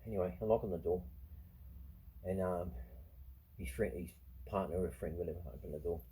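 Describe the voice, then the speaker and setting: A man's voice: low voice, mellow, slight background noise, low-quality recording. A middle-aged Australian man, host of his own show, swearing constantly through a ranting, blunt monologue. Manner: swears constantly, rants, quick to anger. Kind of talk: profane monologue.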